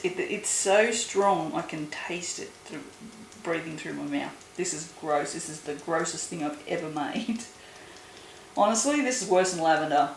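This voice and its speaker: A woman's voice: low-pitched, gravelly. A woman making soap at home, chatting casually and groaning and swearing in disgust at a smell. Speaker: soap maker. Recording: echoey room with noise.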